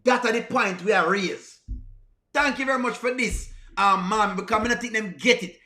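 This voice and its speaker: A man's voice: high-pitched, moderate pace, sharp tone, echoey room. A man with a Jamaican accent giving casual reaction commentary as a livestream host. He pleads and repeats himself, slipping between patois and plain speech.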